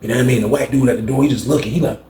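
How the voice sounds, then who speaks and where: A man's voice: mid-range voice, rapid-fire. A young man casually telling a story in heavy slang, acting out the people in it. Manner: slangy, animated, acts out every voice. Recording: roomy echo.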